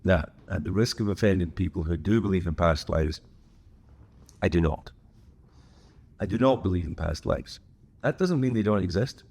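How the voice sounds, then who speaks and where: A man with a very low, deep voice chats casually as a podcast host. He wanders off on tangents and drops dry, wry asides as he goes. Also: a little mellow. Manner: rambling and digressive, wry asides. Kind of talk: casual solo chat.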